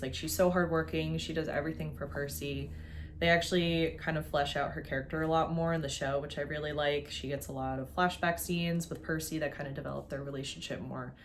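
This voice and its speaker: Low-voiced young woman, chatty critic. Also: a little hiss or hum. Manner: chatty, opinionated, many "like"s. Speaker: video essayist. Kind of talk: casual video essay commentary. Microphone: facing a camera.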